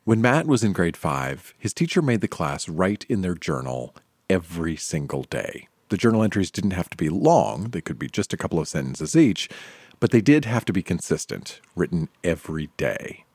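A man's voice: sits low, very animated, moderate pace, a little mellow, husky, dry recording. A man hosting a podcast, delivering scripted narration between readings.

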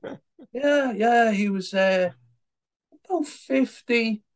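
An Irish man in his thirties with a very high voice speaks slowly as a political activist guest. He tells stories in relaxed conversation, often repeating words and laughing at his own anecdotes.

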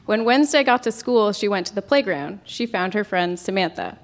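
A woman's voice: mid-range voice, animated, a little fast. A woman at a live reading show, reading aloud a story she wrote as a child, in an amused way.

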